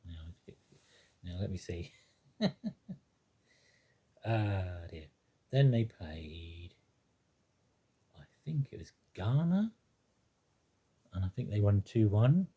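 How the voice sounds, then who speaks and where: A man talks slowly in a relaxed, unscripted way, stopping often to search for words and restart his sentences. His voice is husky and mellow, with a slightly rough edge. He sounds like he is thinking aloud. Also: on the low side. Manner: hesitant, rambling with many ums and restarts. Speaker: football fan commentator. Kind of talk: casual spoken monologue.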